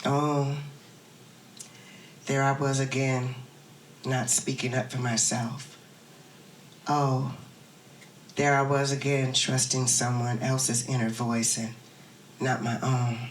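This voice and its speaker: A woman's voice: extremely low pitch, little pitch movement, takes it slowly, long pauses, slight background noise. A woman pastor delivering a sermon and leading her congregation in call-and-response. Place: large church hall. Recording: echoey hall, from far off.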